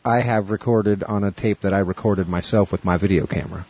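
A man's voice: lowish voice, steady tone, darkish tone, slightly rough, no echo. A man co-hosting a podcast, rambling through stories and laughing easily in casual chat. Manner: rambling storyteller, quick laughs. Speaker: podcast co-host.

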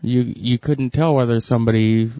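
A man's voice: mid-range voice, fairly even intonation, normal speed, dark tone, no room sound. A man co-hosting a casual podcast, chiming in with easygoing asides.

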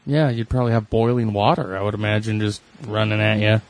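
A man's voice: lowish voice, steady tone, fast. A man chatting casually with a friend, telling rambling stories in a laid-back way. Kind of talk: casual chat.

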